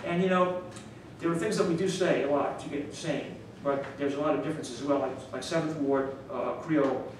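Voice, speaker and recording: A man's voice: fairly high pitch, fairly even intonation, brisk, hardly any pauses. Rambling New Orleans man in an echoey room. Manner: rambling, chuckling, stops and restarts. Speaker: author. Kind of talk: casual talk to a small audience. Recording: echoey room miked from a distance, noise.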